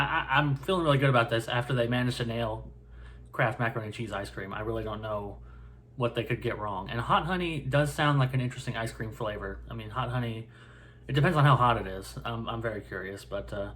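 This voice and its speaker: A man's voice: medium pitch, fairly bright tone, a little hiss or hum. A man casually reviewing food on camera, rambling with many fillers and repeating himself as he corrects his words.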